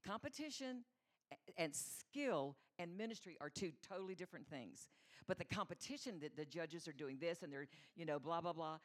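A woman's voice: lowish voice, animated, moderate pace. A middle-aged woman giving a conversational, storytelling sermon as a mother, acting out the voices she quotes. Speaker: church speaker, mother.

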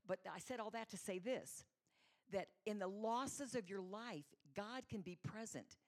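A woman's voice: medium pitch, a little slow. A middle-aged woman giving a conversational, storytelling sermon as a mother, acting out the voices she quotes. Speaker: church speaker, mother.

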